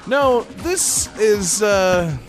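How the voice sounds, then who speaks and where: A man's voice: sits high, expressive, drawn-out words, faint music behind. A man hosting a casual podcast chat, laughing often and rambling with fillers while he talks about a video game. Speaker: podcast host presenting a game.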